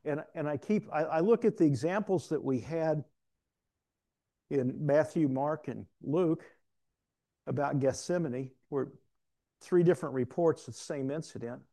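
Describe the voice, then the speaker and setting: Gravelly, mellow-voiced male pastor. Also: on the high side, measured pace. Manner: conversational, self-deprecating storytelling with frequent restarts. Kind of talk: sermon.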